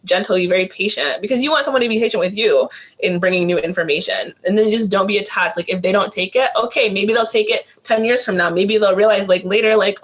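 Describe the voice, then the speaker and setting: A man who works as a teacher, giving casual advice on a panel, talking rapidly with many fillers and restarts. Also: high-pitched, fairly even intonation, a bit bright.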